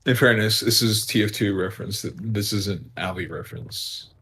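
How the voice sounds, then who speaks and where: A man with a somewhat low voice chats casually over an online shooter match. He teases his teammates in a playful tone. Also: normal speed, bright, forceful tone, a little hiss or hum. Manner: teasing, playful banter. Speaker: game player. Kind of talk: casual gaming voice chat.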